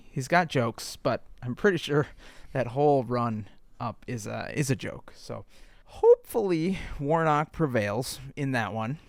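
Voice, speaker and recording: A man's voice: mid-range voice, very animated, slow pace, no room sound. Wisecracking man on a dry podcast mic. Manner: wisecracking, sarcastic quips. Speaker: podcast co-host. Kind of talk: casual comedic podcast chat.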